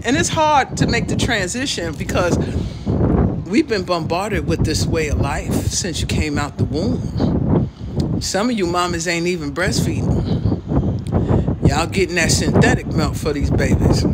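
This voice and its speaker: A woman hosting a casual livestream outdoors, loud, preachy and joking as she lectures her viewers. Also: mid-range voice, noisy background. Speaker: livestream host. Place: outdoors in the sun.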